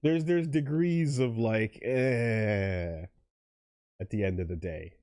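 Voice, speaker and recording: A man's voice: fairly low pitch, slow pace, no room sound, studio quality. A man hosting a casual let's play, rambling and restarting his sentences as he chats about the game. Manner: rambling, self-interrupting, bursts into loud laughter. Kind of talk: casual gaming commentary.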